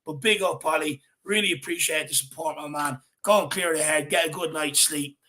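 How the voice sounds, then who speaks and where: A man's voice: a little high, normal speed, sharp tone, a little hiss or hum. A man with an Irish accent hosting a football fan show, talking casually and energetically, calling people "my man" and "brother.".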